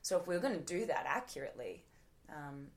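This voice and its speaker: Low, gravelly Australian woman chatting. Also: sing-song, a little fast. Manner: chatty, many fillers and restarts. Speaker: actress guest. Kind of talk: casual interview chat.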